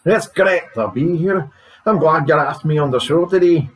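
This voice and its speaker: A man voicing a touchy, defensive radio guest who rants loudly. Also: fairly high pitch, normal speed, voice pushed up, natural voice, low-quality recording. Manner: loud, defensive, ranting.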